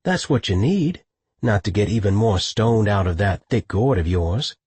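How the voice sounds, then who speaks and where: A man's voice: lowish voice, expressive, moderate pace, darkish tone, slightly rough, no room sound. A man voicing a teasing young female night nurse in an audiobook, coaxing and playful. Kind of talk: audiobook character voice.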